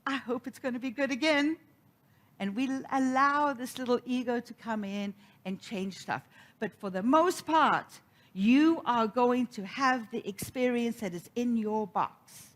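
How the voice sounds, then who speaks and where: A woman's voice: a little high, measured pace. A middle-aged woman giving a sermon, telling a personal story and acting out the quoted voices. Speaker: minister.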